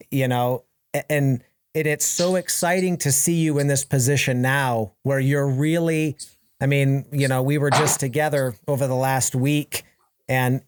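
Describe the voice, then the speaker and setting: A man's voice: medium pitch, no echo. Podcast host man in a dry room. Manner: warmly encouraging, repeats words as he starts sentences. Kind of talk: casual interview chat.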